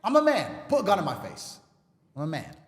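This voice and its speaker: A man's voice: a little high, wildly swooping pitch, fairly quick, big-room sound. A man from England, a guest talking with emphatic, repetitive rhetoric in a podcast conversation. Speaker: interview guest.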